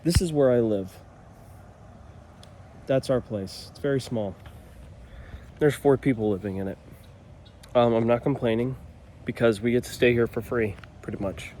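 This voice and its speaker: A young man in his twenties talks straight to camera in an earnest, rambling way, stopping and restarting his sentences as he goes. His voice sits at an ordinary middle pitch, with a faint hum of noise in the background. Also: moderate pace, long pauses, warm tone. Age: 20s. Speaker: vlogger and new father. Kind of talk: casual talk to camera.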